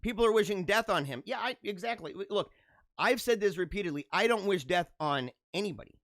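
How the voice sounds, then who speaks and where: A man in his thirties hosts a podcast in a high voice that swoops up and down. He mocks and jokes, often laughing at his own lines. The recording is dry and close, with no room sound. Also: expressive, fairly quick, a bit bright, dry recording. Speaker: podcast host. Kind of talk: casual political commentary.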